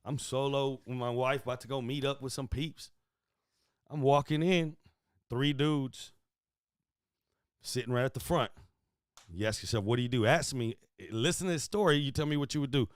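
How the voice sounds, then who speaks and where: Guy from houston spinning a wild story, swearing, gets loud then quiet, dry close mic. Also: medium pitch, moderate pace, long pauses, smooth, dry recording. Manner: animated, profane, swings from loud to hushed. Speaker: podcast host. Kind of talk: casual storytelling.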